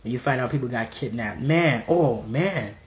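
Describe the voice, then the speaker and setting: A man's voice: mid-range voice, expressive, normal speed, roomy sound. A man preaching an emphatic, repetitive monologue full of rhetorical questions.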